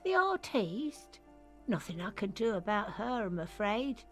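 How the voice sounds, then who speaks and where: A woman's voice: big pitch swings, measured pace, soft background music. A woman voicing a gossipy, grumbling old cleaning lady from a video game, talking in a chatty, scolding way. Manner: chatty, scolding, with sudden high squeals. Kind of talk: voicing game dialogue on a stream.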